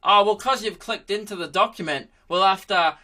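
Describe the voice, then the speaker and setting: A man's voice: high voice, moderate pace, bright, forceful tone, voice pushed up. A man doing a doddering old Aussie laptop-man. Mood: apologetic dithering. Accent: Australian. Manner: apologetic, dithering, chatty. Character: slow fussy old man, a laptop personified.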